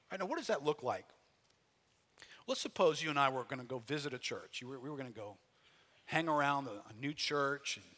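A pastor preaching a folksy, conversational sermon, full of rhetorical questions and loud bursts of emphasis. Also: male voice, medium pitch. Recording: long hall reverb.

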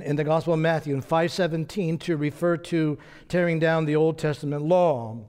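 A man preaching an expository sermon in an earnest, conversational teaching manner, posing rhetorical questions and slowing down to read scripture aloud. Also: a little mellow. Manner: rises in pitch and slows when reading scripture aloud. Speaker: pastor.

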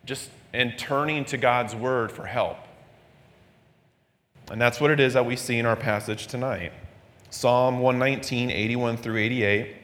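A man's voice: fairly even intonation, a little slow, a bit bright. A male pastor delivers a midweek sermon in an earnest, conversational way, sometimes lifting his voice to act out the people he quotes. His voice sits in a middle register. A long reverb trails behind his words, as in a large church. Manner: earnest preaching, acting out quoted voices with rising pitch.

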